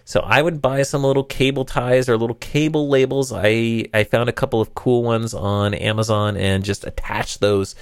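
A man's voice: medium pitch, steady tone, moderate pace, few pauses, clean tone, no echo, clean studio sound. A man hosting a tech talk show, explaining cables conversationally with wry, sarcastic asides and frequent fillers.

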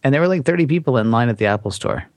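A man's voice: mid-range voice, expressive, very fast, no room sound, clean studio sound. A man joining a podcast roundtable as a guest, chatting and joking loosely. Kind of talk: casual roundtable chat.

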